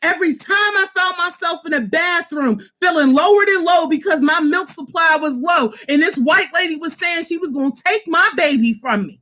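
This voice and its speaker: Bright-voiced woman, raw and emphatic. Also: very high-pitched, moderate pace, few pauses. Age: 30s. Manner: raw, emphatic, profane, fervent. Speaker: social worker and host. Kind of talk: impassioned personal talk.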